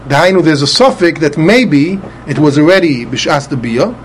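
A man's voice: fairly high pitch, expressive, moderate pace, a little hiss or hum. A man teaching a Talmud passage, methodically spelling out letters and often repeating words as he explains. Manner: spells out Hebrew letters and vowels with Ashkenazi pronunciation.

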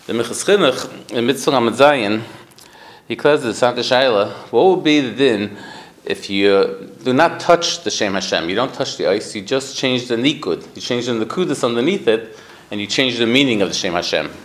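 Man, mid pitch, leading a halting Torah study class. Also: lively intonation, rough recording. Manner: halting, with frequent restarts and Yiddish-Hebrew terms. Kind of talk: Talmudic lecture to a study group.

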